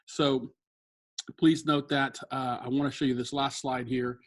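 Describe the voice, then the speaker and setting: A man teaching Latin grammar in a recorded screen-share lesson, explaining in a relaxed way with fillers and self-corrections. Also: medium pitch, a little slow.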